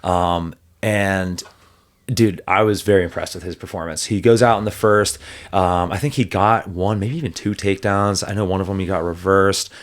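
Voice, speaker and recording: A man who coaches fighters, co-hosting a podcast and telling a story with animated energy and frequent laughter. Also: low voice, moderate pace. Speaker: MMA coach and podcast co-host. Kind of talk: casual podcast chat.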